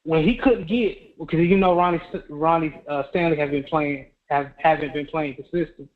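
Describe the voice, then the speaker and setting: A male caller rambles through casual football talk in a loose, slangy way. His voice sits somewhat high, and it reaches us over a thin, tinny phone line. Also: moderate pace. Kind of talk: casual sports chat.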